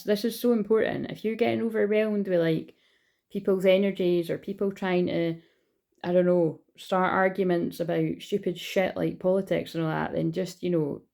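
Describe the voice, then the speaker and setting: Gravelly low-voiced woman rambling on. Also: warm tone. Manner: chatty, rambling, full of restarts and fillers. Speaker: spiritual healer reading oracle cards. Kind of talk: casual rambling card-reading chat.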